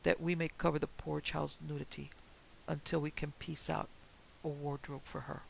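A man's voice: on the high side, little pitch movement, moderate pace, rough recording. A man voicing a dapper French detective, speaking with a put-on French accent in a mocking, lilting way. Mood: brisk. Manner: mocking, upward lilting delivery. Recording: gravelly voice over faint hiss.

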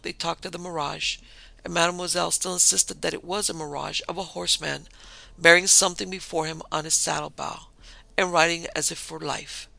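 A man narrating an audiobook in an expressive, measured reading. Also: fairly high pitch, creaky, poor audio. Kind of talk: scripted narration.

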